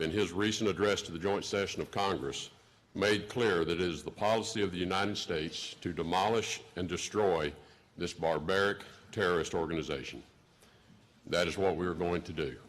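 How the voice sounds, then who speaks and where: A man in his sixties with a Texan accent, delivering a formal prepared speech in a measured, deliberate way. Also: low-pitched. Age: 60s. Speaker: government official giving a speech.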